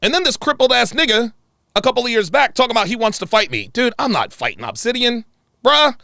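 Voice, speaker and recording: Fiery, animated man ranting. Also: fast talker, vocal fry, dry recording, clean studio sound. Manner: angry, profane, repeats himself; animated pitch swings. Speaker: show host. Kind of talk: heated livestream rant.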